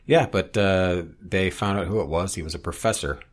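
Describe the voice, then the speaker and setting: A man in casual conversation, speaking haltingly with many fillers and restarts. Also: low-pitched. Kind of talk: casual podcast chat.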